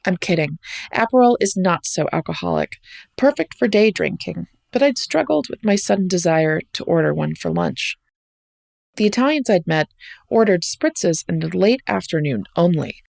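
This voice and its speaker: A US podcast host and essay narrator reads her personal travel piece aloud in a wry, reflective style with an American accent. Her voice sits fairly low, gravelly and a little mellow, and there's no echo.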